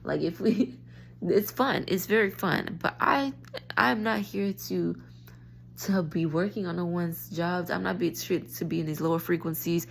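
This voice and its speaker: Low, gravelly woman ranting into her phone. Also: measured pace, a little hiss or hum. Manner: frustrated, stream-of-consciousness, restarts thoughts. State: tired. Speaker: spiritual vlogger. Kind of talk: rambling rant to camera.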